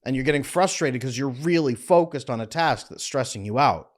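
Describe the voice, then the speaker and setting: A middle-aged man, a relationship coach, giving blunt, emphatic advice straight to camera with lively swings in his voice. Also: fairly quick. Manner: emphatic, blunt, animated with frequent pitch jumps. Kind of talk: direct-to-camera advice talk.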